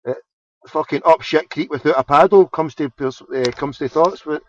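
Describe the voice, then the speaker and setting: A man's voice: fairly high pitch, moderate pace, a little hiss or hum. A man chatting casually, rambling and swearing, with many restarts. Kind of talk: casual chat. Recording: dull lo-fi sound.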